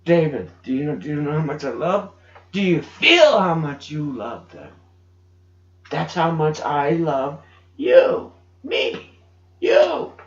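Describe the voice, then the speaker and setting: A man's voice: on the high side, huge pitch swings, takes it slowly, full character voice. A man voicing a loving divine figure who speaks tenderly, asking question after question in a raised, pleading voice. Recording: dull roomy home recording.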